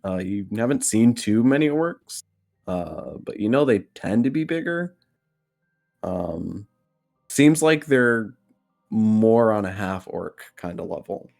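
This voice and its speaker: A man narrating a tabletop game as game master, slow and halting, with many fillers. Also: fairly low pitch, expressive, gravelly, a little mellow, faint music behind.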